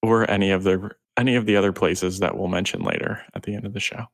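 Low-voiced man hosting a chatty podcast, relaxed and chuckling. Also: fast talker, gravelly. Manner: easygoing, laughs between remarks. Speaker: podcast host. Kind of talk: casual gaming podcast chat.

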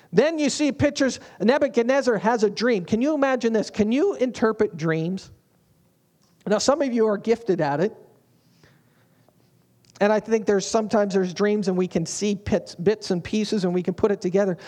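Man, pastor, sermon, humorous, conversational, high-pitched. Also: darkish tone.

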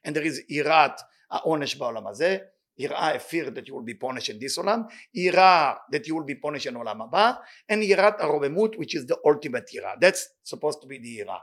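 Excitable male Torah teacher, rapid speech, slightly high voice, reads Hebrew fast and then translates. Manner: animated, excitable delivery. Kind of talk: weekly Torah study class.

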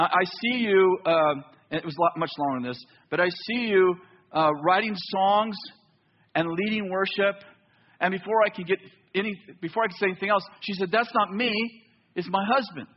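A man preaching a sermon in a church, telling a story with lively back-and-forth dialogue. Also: high voice, a little fast, muffled recording. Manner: animated storytelling, acts out both sides of dialogue. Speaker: pastor.

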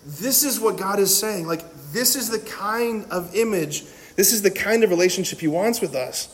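A man with a notably high voice delivers an animated, humorous talk on faith to a live audience. He keeps it conversational and keeps checking in with his listeners. The sound rings out with the long reverb of a large hall. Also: normal speed. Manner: energetic, joking, conversational, full of "right?". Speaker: Catholic speaker.

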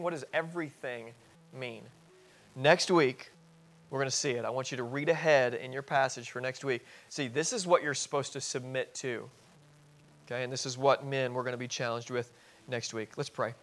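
A man in his thirties preaching a sermon as pastor in a church, earnest, swinging between loud emphasis and soft asides. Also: medium pitch, moderate pace. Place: church sanctuary.

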